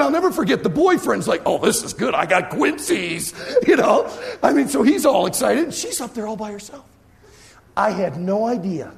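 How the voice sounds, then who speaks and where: A middle-aged man, a youth pastor, telling a funny story in a sermon and acting out his own shouting and cheering. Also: high-pitched, creaky, a little hiss or hum.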